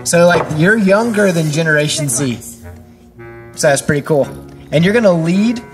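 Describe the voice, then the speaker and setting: A woman's voice: deep voice, lively intonation, a little slow, soft background music. A woman kids pastor interviewing children on a church show, upbeat and encouraging, with playful teasing questions and chatty fillers. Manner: chatty, with frequent fillers and restarts.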